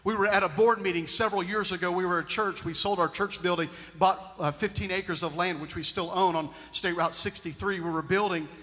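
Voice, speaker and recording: A male pastor preaching a sermon, moving between loud emphatic lines and hushed storytelling. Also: high-pitched, fairly even intonation, fairly quick, few pauses. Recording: long reverb of a large hall.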